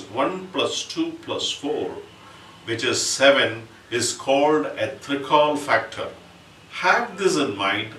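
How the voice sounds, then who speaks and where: A man's voice: mid-range voice, bright, forceful tone, a little hiss or hum. A man teaching percussion rhythm, explaining patiently and chanting drum syllables in time. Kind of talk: instructional lesson with spoken rhythm syllables. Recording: roomy echo, voice from a distance.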